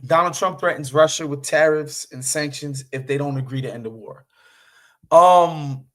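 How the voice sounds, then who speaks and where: A man's voice: fairly high pitch, moderate pace. A man hosting a podcast, giving casual, profane political commentary with lots of fillers and restarts. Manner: animated, profane, many fillers. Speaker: podcast host.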